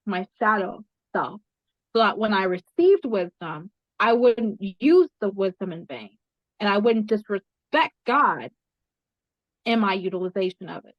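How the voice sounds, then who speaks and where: Her mid-range voice is animated yet unhurried as she tells an interviewer, earnestly and with repeated phrases, about a spiritual experience. There's no room sound, and the audio comes across dry and slightly muffled.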